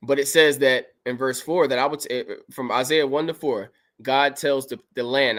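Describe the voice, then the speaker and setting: A man's voice: medium pitch, normal speed, few pauses, fairly bright tone. A man hosting a livestream, reading Bible verses aloud and commenting on them in an emphatic, preachy way. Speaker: podcast host.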